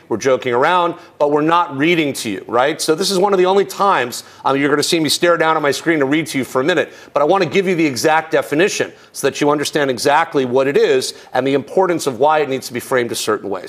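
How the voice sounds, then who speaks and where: A man with a slightly higher voice teaches a recorded tech course. He explains in a loose conversational way, stacking rhetorical questions and casual asides, as if talking straight into a studio mic. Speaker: instructor.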